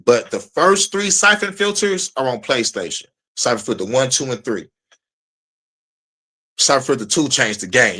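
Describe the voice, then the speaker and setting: Man, 30s, podcast host: casual, profane and excitable, laughs easily. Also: medium pitch, moderate pace, breathy edge. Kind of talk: casual chat.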